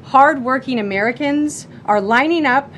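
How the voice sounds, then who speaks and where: A woman's voice: high-pitched, normal speed, fairly bright tone, slight background noise. A woman press secretary speaking from a podium in a rehearsed, upbeat briefing manner.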